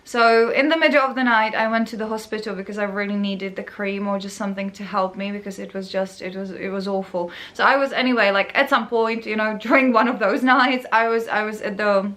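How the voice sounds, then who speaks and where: A woman's voice: medium pitch, fairly even intonation, a little fast, few pauses, a bit bright. A woman hosting a podcast, casually telling a personal story in a rambling way full of fillers. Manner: rambling, many fillers, acts out other people's voices. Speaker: podcast host.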